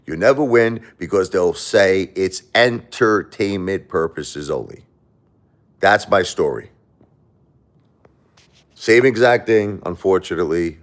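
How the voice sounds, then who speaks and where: A middle-aged man with a very low voice hosts a casual livestream. He answers viewer questions defensively, circling back to the same points. When he tells a story, he turns it into an animated retelling. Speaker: livestream host.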